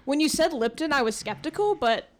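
Excited young woman hosting a tasting. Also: high voice, brisk. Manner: excited, exclamatory. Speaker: host. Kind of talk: casual chat, tasting tea.

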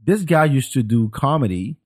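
A man from France with a French accent, hosting a podcast in casual chat, animated and swearing freely, with many restarts. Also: mid-range voice, normal speed. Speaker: podcast host.

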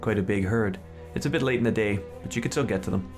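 A man reading the lines of a blunt, wary young woman hunter in his own low voice. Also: quick pace, a little mellow, faint music behind, close to an everyday voice.

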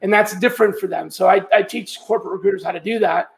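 A man's voice: high voice, quick pace, vocal fry. A man speaking as a podcast guest, explaining his working methods step by step in a casual, conversational way with frequent restarts. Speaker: guest, sourcing trainer.

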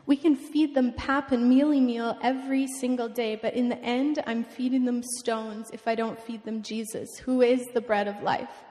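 A young woman giving an emotional, earnest personal testimony at a mission event, often halting and restarting. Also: on the high side, steady tone, dark tone. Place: church event hall. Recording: long hall reverb.

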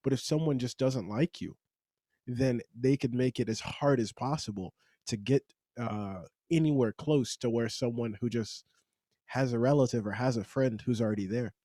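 A man's voice: mid-range voice, moderate pace, dark tone, dry recording, studio quality. A man hosting a casual podcast discussion, talking in a rambling, conversational way with frequent restarts. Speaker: podcast host.

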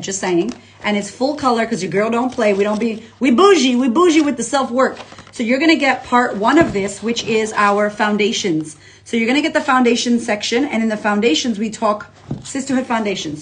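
An energetic woman life coach chats live to her followers over a phone or webcam. She speaks at a middle pitch, loose and slangy, with plenty of swearing, and stops now and then to read out comments. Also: a little hiss or hum. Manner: energetic, slangy and profane, reads out viewer comments. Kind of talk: casual livestream talk to followers.

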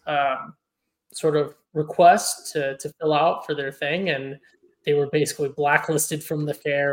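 A man's voice: fairly high pitch, low-quality recording. A man co-hosting a podcast in casual chat, rambling with many restarts and fillers. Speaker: podcast co-host.

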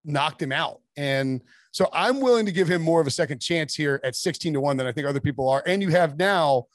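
A man talking casually as a sports writer guest on a podcast, rambling with quick asides and restarts. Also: fairly high pitch, expressive, dry recording, clean studio sound.

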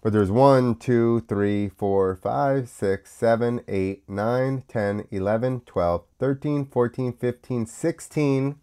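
A man's voice: mid-range voice, slow pace, few pauses, dark tone, clear, resonant tone. An American man hosting his own show, rambling through casual talk with many fillers, coughing now and then while sick. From United States. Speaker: podcast host.

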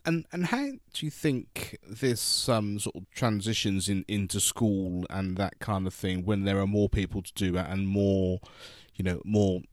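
Male host, very deep, dry close sound, rambling hesitant questions. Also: a little slow, no room sound. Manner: rambling, hesitant, many restarts. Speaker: interview host. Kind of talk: conversational interview questions.

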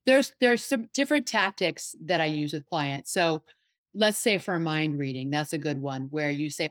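A woman psychotherapist and life coach talking in a casual interview, animated and storytelling, acting out what others said. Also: deep voice, moderate pace, no echo. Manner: animated storyteller, acts out quoted voices.

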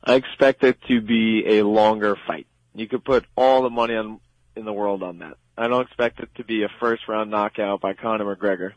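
A man's voice: fairly low pitch, steady tone, moderate pace, no echo. A man with a Long Island accent giving emphatic, opinionated fight predictions on a sports radio show. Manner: emphatic, opinionated, repeats "I believe". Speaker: guest fight analyst. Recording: dull lo-fi radio sound.

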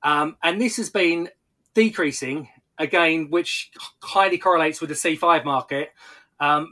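Bright, tense-toned male market analyst. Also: a little high. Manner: measured, explanatory, occasional stumbles and restarts. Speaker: technical analyst.

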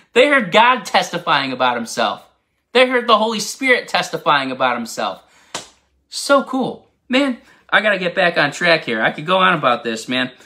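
A man's voice: high-pitched, sharp tone. A man giving an informal, enthusiastic bible teaching, rambling into asides and laughing at himself. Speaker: preacher.

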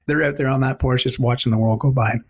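A man in his forties, an animated guest telling stories in a conversational interview. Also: medium pitch, fast. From Canada. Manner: animated, expressive storyteller.

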